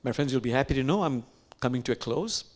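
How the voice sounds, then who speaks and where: A man, an imam, giving a reflective sermon, slow and unhurried with pauses and soft, whispered asides. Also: medium pitch, animated.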